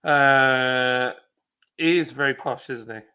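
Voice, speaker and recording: A man's voice: mid-range voice, takes it slowly, sharp tone, clean tone. A man hosting a casual live chat stream, rambling and self-deprecating, reading out viewer comments with lots of fillers. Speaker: brewery livestream host.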